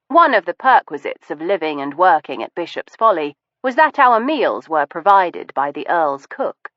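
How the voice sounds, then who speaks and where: Woman reading an audiobook, arch and precise, really lively up-and-down delivery, dull close recording. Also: lowish voice, moderate pace, hardly any pauses, no room sound. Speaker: audiobook narrator. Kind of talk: scripted first-person narration. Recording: dull, muffled studio recording.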